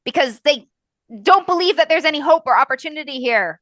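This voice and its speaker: A woman's voice: high voice, lively intonation, brisk, a bit bright, no room sound. Woman playing a blunt, fed-up small-town woman. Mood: earnest. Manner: blunt, exasperated arguing. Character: stubborn small-town woman defending the farm. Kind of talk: improvised tabletop role-play.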